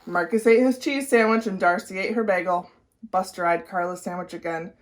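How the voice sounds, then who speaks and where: A woman teacher leading a guided read-aloud for children, with clear, expressive storytelling. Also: lowish voice, brisk. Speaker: reading teacher.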